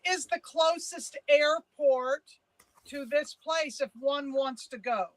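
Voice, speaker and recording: Woman host, high voice, slow and playful, dry video-call sound. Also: no echo, poor audio. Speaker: podcast host. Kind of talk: casual chat.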